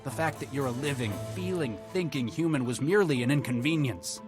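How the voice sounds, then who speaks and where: An actor playing a calm, persuasive negotiator doctor with a Texan accent, speaking in measured tones. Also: male voice, mid-range voice, lightly acted. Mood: steady. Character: calm middle-aged male negotiator doctor. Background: game music.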